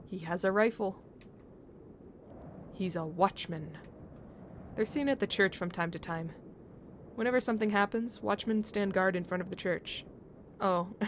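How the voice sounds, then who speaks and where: Brief: chatty woman streamer reading a game story to chat, faint noise behind. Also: medium pitch. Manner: chatty, laughing, muses on pronunciation.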